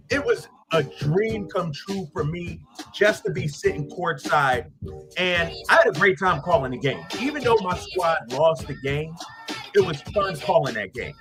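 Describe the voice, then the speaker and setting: A man hosting sports radio, ranting in a fired-up, animated way straight at rival fans. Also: a little high. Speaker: sports radio host and team broadcaster. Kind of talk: casual sports talk rant.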